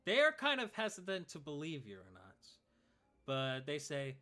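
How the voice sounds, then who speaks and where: A man narrating as game master of a tabletop game, speaking in a relaxed way with many fillers. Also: fairly high pitch, a little slow, faint music behind.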